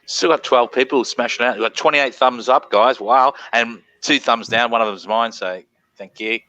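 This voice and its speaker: Bright-voiced Australian man hosting a stream. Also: mid-range voice, moderate pace, lo-fi sound. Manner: rambling, reads chat names aloud, swears freely. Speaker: live stream host. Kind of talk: casual live stream chat.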